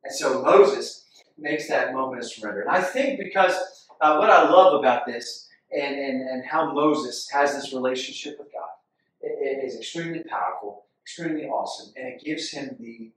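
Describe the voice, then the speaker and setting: A man preaching a sermon, impassioned and repetitive, rising loud when he reads scripture aloud. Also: medium pitch, moderate pace, a little hiss or hum. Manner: impassioned, repeats phrases, rises loud when reading scripture. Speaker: pastor. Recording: echoey hall, from far off.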